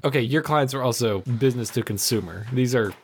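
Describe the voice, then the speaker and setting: Man, podcast co-host, casual chat, quick laughs, mimics others in anecdotes. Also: medium pitch, slightly rough. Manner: laughs often, mimics people in stories.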